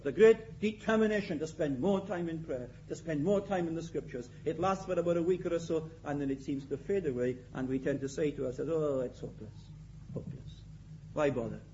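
A man preaching a sermon in an emphatic way, repeating his key phrases and swinging between loud and quiet. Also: fairly high pitch, brisk, hardly any pauses, dull audio, a little hiss or hum.

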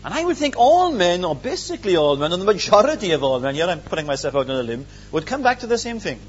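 High, lively preacher. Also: male voice, fast, highs cut off, slight background noise. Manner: earnest, emphatic, rhetorical questions. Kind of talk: sermon.

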